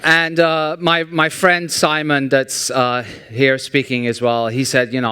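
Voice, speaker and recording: A man giving a humorous, sarcastic conference talk in a large hall, telling jokes and anecdotes in a lively storytelling way. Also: medium pitch, measured pace, few pauses, smooth. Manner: sarcastic, joking, animated storytelling. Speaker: conference speaker.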